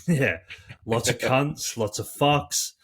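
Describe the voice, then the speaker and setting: A man co-hosting a casual podcast as a coach, talking in an animated, chatty way full of "like" and swearing, on a close studio mic. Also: medium pitch, slow pace, husky.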